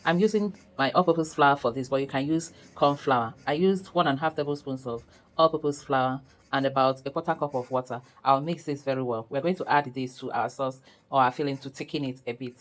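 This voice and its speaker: A woman's voice: rumbling low, fairly quick, low-quality recording. A woman hosting a home cooking tutorial. She talks viewers through each step in a chatty way and laughs often. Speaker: cooking channel host. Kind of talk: casual cooking tutorial narration.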